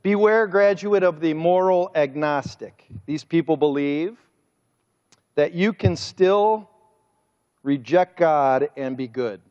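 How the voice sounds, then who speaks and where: A man preaching a sermon as pastor, speaking with drawn-out emphasis and a mocking, sarcastic edge. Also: a little high, a little mellow, clear, resonant tone. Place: church sanctuary. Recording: muffled sermon audio with long church reverb.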